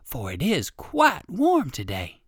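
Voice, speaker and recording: A kind old gentleman rabbit speaks gently and politely, in a lively storybook manner, as the narrator voices him. The recording is dry and close, with nothing heard behind the voice. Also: mid-range voice, slow pace, slightly rough, no echo, full character voice.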